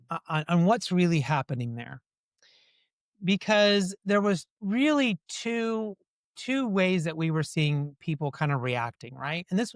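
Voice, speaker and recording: A man answering interview questions in a lively storytelling way, often slipping into quoted dialogue. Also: a little high, dry recording, clean studio sound. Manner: animated storyteller who acts out quoted dialogue. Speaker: guest.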